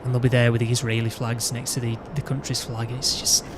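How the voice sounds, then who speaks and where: A man's voice: mid-range voice, little pitch movement, fairly quick, background noise. A man, chatting casually and ranting in a rambling way, often restarting his sentences. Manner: rambling, with frequent restarts and "you know what I mean". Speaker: gaming video host.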